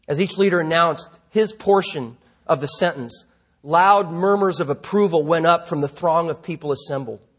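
A man's voice: fairly high pitch, moderate pace, slightly rough. A middle-aged male pastor preaching a sermon, moving from conversational asides into storytelling. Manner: conversational, self-deprecating asides, then vivid story narration.

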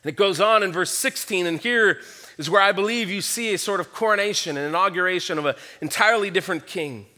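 A man's voice: high-pitched, fast, bright, forceful tone. A man preaching a sermon, reading scripture passages aloud and explaining them in an earnest, reflective way. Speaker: pastor.

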